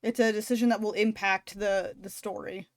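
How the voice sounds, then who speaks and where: A woman live-streaming a story game, reading along and chatting, animated, laughing often and swearing casually. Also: mid-range voice, normal speed, no echo.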